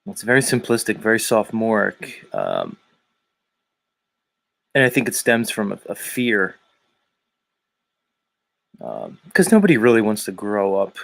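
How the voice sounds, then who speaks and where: A man's voice: on the low side, sing-song, measured pace, gravelly, long pauses, no room sound, poor audio. A man with a Philadelphia accent who hosts a show, giving sardonic, musing livestream commentary that wanders off on tangents. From Philadelphia area, US. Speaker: show host.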